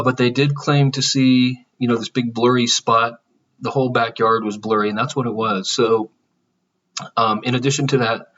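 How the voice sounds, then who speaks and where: A man's voice: lowish voice, a bit bright, recorded from a distance, dull audio. A man talking casually to his channel, rambling with many fillers and restarts. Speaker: channel host. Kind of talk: casual spiritual vlog monologue.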